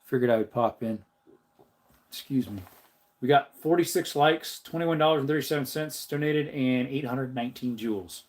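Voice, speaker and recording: A man hosting a casual livestream, rambling in chatty talk and reading out viewer comments. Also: normal speed. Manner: jokey, slips into a silly high voice. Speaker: livestream host.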